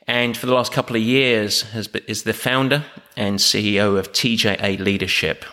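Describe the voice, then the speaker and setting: A man's voice: on the low side, steady tone, moderate pace, sharp tone. A man with an Essex accent hosting a podcast, enthusiastic and prone to rambling introductions. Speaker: podcast host. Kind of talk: casual interview.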